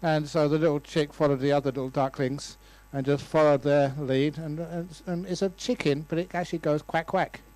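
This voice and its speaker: A man's voice: on the high side, steady tone, normal speed, few pauses, darkish tone, low-quality recording. A man in his sixties, a Buddhist monk, giving a humorous dharma talk and telling stories with playful voices. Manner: storytelling with playful voices and laughs. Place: lecture room.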